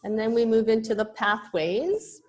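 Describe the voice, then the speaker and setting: A woman's voice: fairly high pitch, animated, unhurried. A woman yoga teacher giving an online lesson, explaining terms patiently with small restarts.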